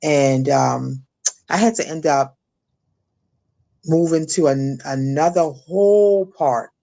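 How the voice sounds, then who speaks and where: A middle-aged woman from Maryland giving an emotional personal testimony as an interview guest, halting, repeating words and acting out what others said. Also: sits low, creaky, dark tone. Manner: halting, repeats words, acts out quoted voices. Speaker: guest, shooting survivor.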